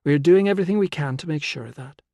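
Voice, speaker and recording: A male narrator voicing a calm, resolute young woman who coaxes a frightened boy, with a gentle, patient manner, in a dry close studio sound. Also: a little high, fast talker, no echo, voice pushed up. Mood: coaxing. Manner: gentle, coaxing. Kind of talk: audiobook character voice.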